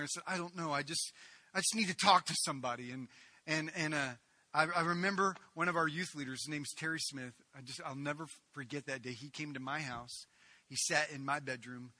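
Pastor guy preaching hard, super bright voice, dry close sound, lots of stammery restarts when he tells stories. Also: a little high, no room sound. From United States. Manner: impassioned preaching, swinging between loud proclaiming and quiet storytelling; animated storyteller with many restarts and stammers. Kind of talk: sermon.

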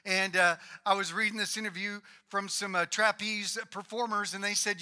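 A man preaching a sermon, swinging between loud emphatic lines and hushed, quiet ones. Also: high-pitched, fairly even intonation, normal speed, hardly any pauses, clear, resonant tone. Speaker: pastor.

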